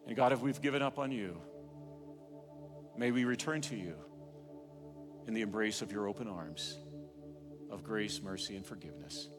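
A man preaching a sermon in a church, swelling with passion and then falling to a hushed, quiet prayer. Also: lowish voice, normal speed, long pauses, in a large hall, music in the background. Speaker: pastor. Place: church sanctuary.

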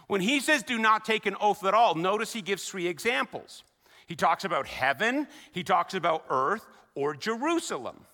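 A man delivers a sermon in a church sanctuary, his voice high and bright with lively swings in pitch. He speaks in a chatty, animated way and slips into the voices of the people he quotes. His words ring out with the long reverb of a large hall. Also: normal speed. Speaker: pastor.

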